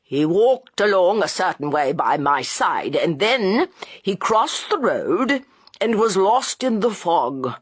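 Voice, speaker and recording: An audiobook reader voicing a formal old gentleman witness with a quavering voice. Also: mid-range voice, big pitch swings, slow pace, slightly rough, dry recording, voice pushed up, exaggerated voice. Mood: earnest.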